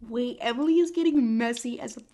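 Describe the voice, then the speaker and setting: A woman's voice: a little high, a little fast, mellow. A young woman giving a comedic book review, talking in a wry, exasperated and dramatic way.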